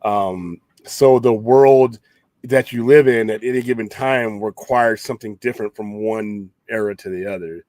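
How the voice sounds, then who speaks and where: This man's voice is somewhat low and a little mellow, delivered at a moderate pace with no room sound. As the podcast host of a late-night geek talk show, he rambles casually with firm opinions, frequent restarts, and some cursing.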